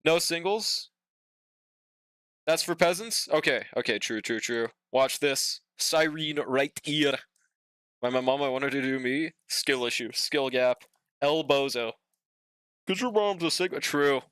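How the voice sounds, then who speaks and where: A man's voice: medium pitch, a little slow, a bit bright, clear, resonant tone, no room sound, studio quality. A man streaming a game and chatting casually with his viewers, laid-back and slangy, swearing now and then and humming while he waits. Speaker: streamer reading chat. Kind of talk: casual live-stream chat while playing.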